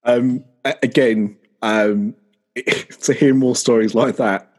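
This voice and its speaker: A man hosting a podcast, asking relaxed questions and reacting briefly to his guest's stories. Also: mid-range voice, slow pace. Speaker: podcast host. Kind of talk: casual interview chat.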